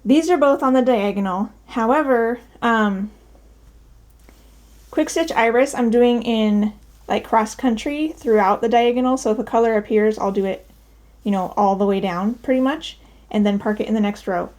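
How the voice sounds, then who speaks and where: A woman's voice: fairly high pitch, moderate pace, a little mellow. A woman chatting casually at home while showing her cross-stitch projects, upbeat and full of ums. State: out of breath. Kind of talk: casual show-and-tell vlog. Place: home, daughter's bedroom.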